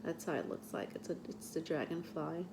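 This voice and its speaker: A woman giving a casual tarot reading to her viewers, chatty and halting, with many fillers as she reads card texts aloud. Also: low voice, lively intonation, gravelly, background noise. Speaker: tarot reader.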